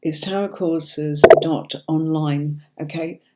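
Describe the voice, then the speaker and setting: A woman's voice: low voice, steady tone, slow pace, very noisy. A woman from Yorkshire with a neutral standard British accent, hosting a live-stream tarot reading in a chatty, reassuring way and often checking in with listeners. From Yorkshire, England. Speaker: tarot reader hosting a livestream.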